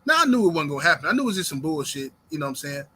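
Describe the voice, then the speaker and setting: A high-pitched man with a sharp, forceful edge, hosting a heated boxing commentary. He swears freely and throws rhetorical questions at his listeners. His tone stays intense and combative. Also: sing-song, rapid-fire, slightly rough. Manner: profane, fired-up, fires rhetorical questions.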